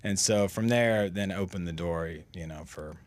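Deep-voiced man telling rambling stories. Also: no room sound. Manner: self-deprecating, halting with many restarts. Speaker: guest. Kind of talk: casual storytelling in a podcast chat.

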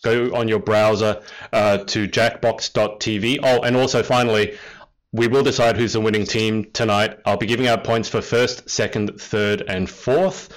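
A man's voice: fairly low pitch, fairly even intonation, moderate pace. A man hosting an online game show over a video call, upbeat and teasing with his guests. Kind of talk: casual livestream hosting.

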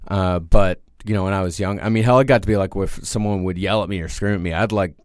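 A man's voice: low voice, fairly even intonation, fast, dry recording, studio quality. A man co-hosting a podcast in casual chat, easygoing and hesitant, with many fillers as he tells stories. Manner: easygoing, frequent fillers, laughs along. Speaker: podcast co-host.

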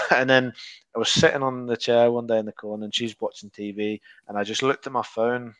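A man's voice: medium pitch, brisk, dry recording. A Scottish man co-hosting a football podcast, chatting casually and acting out quoted dialogue in his stories. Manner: animated storyteller, acts out quoted dialogue. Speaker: podcast co-host. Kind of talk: casual chat.

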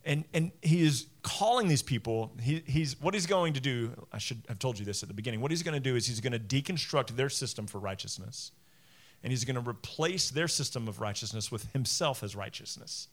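A man preaching a sermon as pastor, talking in a conversational way, acting out quotes with lively swings and restarting his phrases. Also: mid-range voice, fairly quick.

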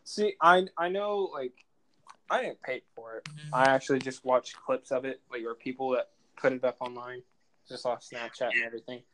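Young man, podcast co-host, casual rambling chat, mid-pitched voice. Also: moderate pace, fairly bright tone, a little hiss or hum, low-quality recording. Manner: rambling, laughs often, swearing.

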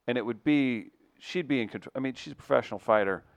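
A man co-hosting a casual comedy podcast, talking in a dry, deadpan way and reading sponsor spots. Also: mid-range voice, fast, creaky, no room sound. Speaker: podcast co-host.

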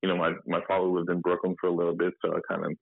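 Low gravelly man on a phone line. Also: monotone, no room sound. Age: 30s. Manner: halting, filler-heavy storytelling, acting out quotes. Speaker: guest. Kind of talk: candid interview over a phone line. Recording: tinny phone-line audio, dry.

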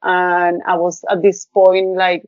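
A woman's voice: fairly low pitch, completely flat delivery, slow, darkish tone, smooth, dry recording. A woman shares a personal story as a podcast guest, effusive and heartfelt, her speech full of little fillers. The sound is dry with no room around it, and a bit dull and lo-fi. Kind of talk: casual storytelling interview.

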